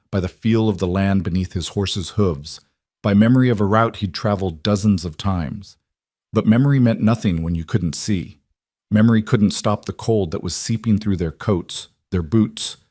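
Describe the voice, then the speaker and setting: Low-voiced man narrating a story. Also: warm tone, no room sound, clean studio sound.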